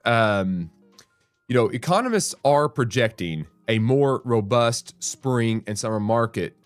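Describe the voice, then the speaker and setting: Explaining market news on a real estate show, this male host has a mid-range voice and a chatty, think-aloud manner, with restarts and lots of "right?" asides. The recording is dry.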